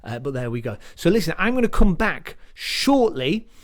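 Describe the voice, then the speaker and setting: A man's voice: a little high, sing-song, normal speed. Rambling self-deprecating male comedian. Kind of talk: stand-up comedy set.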